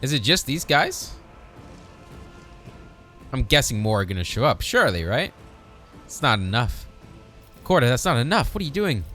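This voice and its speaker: A man's voice: mid-range voice, moderate pace, long pauses, faint music behind. A man hosting a game let's play, chatting casually and reading the game's dialogue aloud. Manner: casual, reads game text in an animated voice. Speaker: gaming video host.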